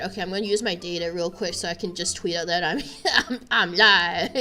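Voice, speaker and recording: A young Canadian woman chats casually on a livestream, giggly and full of fillers, often bursting into high laughter. Her tone is sharp, and an air conditioner buzzes in the room.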